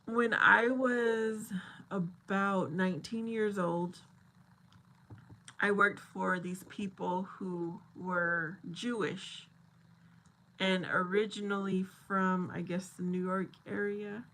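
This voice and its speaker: A woman in her forties chatting casually on a livestream, answering viewer comments. She talks in an unhurried, drawn-out way with a bright, forward voice, laughing often and musing aloud. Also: mid-range voice, steady tone. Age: 40s. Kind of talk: casual live chat.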